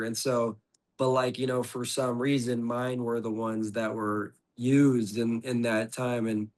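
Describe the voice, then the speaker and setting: A man's voice: medium pitch, flat delivery, measured pace, a little mellow. A middle-aged man, a podcast guest, telling a story in casual conversation, rambling with lots of "like" and restarts.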